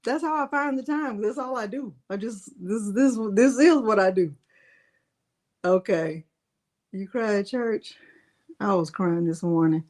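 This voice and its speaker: A retired woman, hosting a live crafting Q&A and chatting warmly with viewers by name. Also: a little high. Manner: chatty, greets viewers by name, playful fussing. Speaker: crafting livestream host. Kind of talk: live Q&A chat, reading viewer comments.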